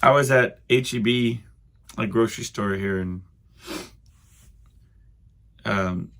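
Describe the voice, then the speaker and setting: A man's voice: fairly low pitch, slow pace, a bit bright. A young man hosting a solo podcast, rambling through stories with lots of fillers and asides. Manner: meandering, full of fillers and asides. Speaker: podcast host.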